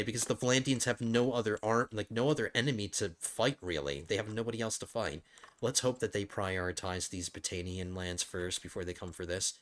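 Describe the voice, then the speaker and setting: A man's voice: fairly low pitch, steady tone, a little fast, fairly bright tone. A man hosting a let's play, thinking aloud in casual gameplay commentary, rambling with frequent restarts.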